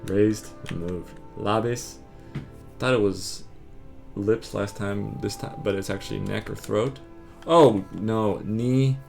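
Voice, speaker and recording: Low gravelly guy mumbling through flashcards, faint music under it. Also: slow pace, darkish tone. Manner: terse, muttering one-word answers and verdicts. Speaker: vlogger drilling vocabulary. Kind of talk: muttered self-quizzing.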